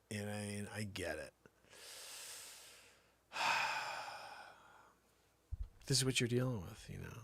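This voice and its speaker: A man hosting a comedy show, telling a rambling tall tale that swings from shouts to mutters. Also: lowish voice, gravelly, no echo. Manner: animated storytelling, swinging between shouts and mutters. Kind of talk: rambling comic monologue.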